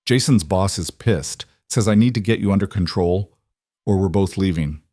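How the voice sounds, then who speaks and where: A man's voice: low-pitched, normal speed, dark tone, no echo, studio quality. Sardonic best friend in a storybook, flippant, as a male narrator puts her on. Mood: urgent. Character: blunt, sardonic young woman friend.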